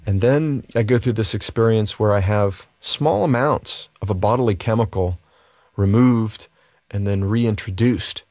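A man giving reflective personal testimony in a halting, thoughtful way, with many pauses. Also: fairly low pitch, darkish tone, no room sound. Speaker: interviewee.

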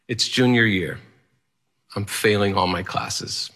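Bright-voiced man telling a personal story. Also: fairly low pitch, slow. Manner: vivid present-tense recounting, wry.

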